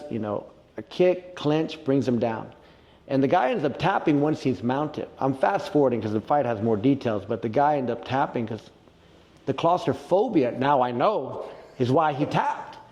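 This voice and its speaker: Mellow-voiced man telling a story. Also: mid-range voice, long reverb tail, muffled recording. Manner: animated, retells fights with quoted reactions. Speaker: interview guest, jiu-jitsu black belt. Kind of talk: storytelling in casual interview.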